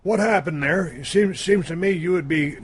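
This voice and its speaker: A man's voice: high-pitched, normal speed, slight background noise. A middle-aged man hosting a podcast, asking direct, conversational questions. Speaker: podcast host. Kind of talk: casual interview.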